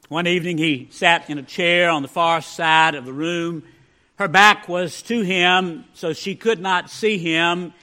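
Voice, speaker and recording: High, bright-voiced pastor telling jokes. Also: male voice. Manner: folksy storyteller, drops to a hush for punchlines. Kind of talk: sermon with humorous stories.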